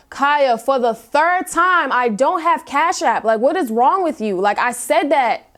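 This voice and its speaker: A young woman with a slightly high voice tells a story straight to camera. She sounds fed up and emphatic, and she leans hard on her words as she reads out her own messages. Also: animated, measured pace, hardly any pauses, a bit bright. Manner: exasperated, emphatic retelling, quotes messages aloud. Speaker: YouTube vlogger. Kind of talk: casual storytime vlog.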